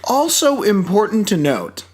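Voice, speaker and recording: A man's voice: sits high, wildly swooping pitch, measured pace. A man co-hosting a casual movie review podcast, sarcastic and swearing freely, acting out characters in quoted voices. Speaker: podcast co-host.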